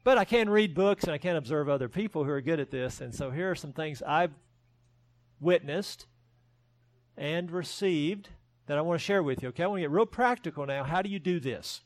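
A man's voice: on the high side, animated, a little fast, dry recording. A man preaching a sermon as a pastor, earnest and emphatic, with self-deprecating humor.

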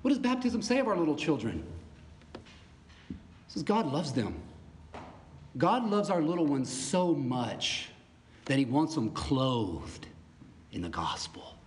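Animated preaching man in a reverberant hall. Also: on the high side, measured pace, pauses often, a little hiss or hum. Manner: animated preaching with asides and laughs. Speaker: pastor. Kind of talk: sermon. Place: church sanctuary.

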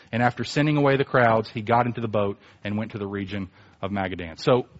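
A male preacher giving a conversational sermon, emphatic, swinging between quiet asides and animated bursts. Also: medium pitch, dull audio.

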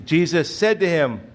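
A man preaching a sermon in an earnest, emphatic way, often clearing his throat. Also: fairly high pitch. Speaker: pastor.

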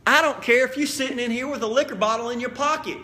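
A man preaching as the pastor of a church, earnest and direct, dropping quiet then building to emphatic appeals. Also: extremely high pitch, quick pace. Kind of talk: sermon. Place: church sanctuary.

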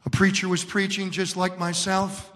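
A male pastor preaching an emphatic sermon built on repeated lines, moving from shouts down to hushed words. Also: high-pitched, completely flat delivery, normal speed, big-room sound.

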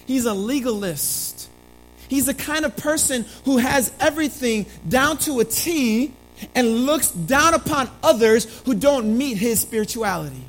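A pastor preaching a sermon, calling listeners family, moving between quiet, slow lines and emphatic ones, with playful asides. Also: medium pitch, soft background music, rough recording. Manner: animated, swinging between hushed and emphatic delivery.

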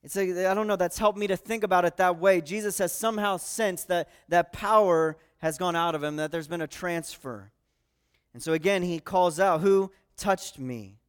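A man's voice: high-pitched, steady tone, normal speed, clear, resonant tone. A man preaching a sermon, explaining scripture in an earnest, conversational way. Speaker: pastor. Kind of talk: expository sermon.

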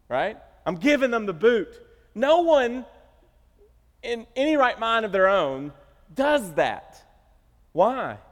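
A middle-aged man preaching a sermon as pastor, telling stories animatedly and acting out the quotes. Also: high voice. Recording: reverberant church hall.

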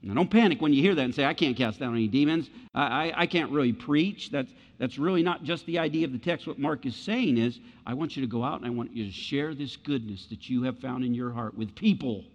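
A man's voice: medium pitch, fairly quick, few pauses, darkish tone. A male pastor preaching a conversational sermon, acting out the voices of doubters and of Jesus. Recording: muffled sound with long hall reverb.

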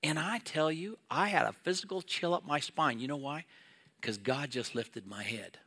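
A man's voice: fairly high pitch, normal speed, creaky, sharp tone. A middle-aged male pastor preaching a sermon in an earnest, conversational way, acting out little quoted exchanges.

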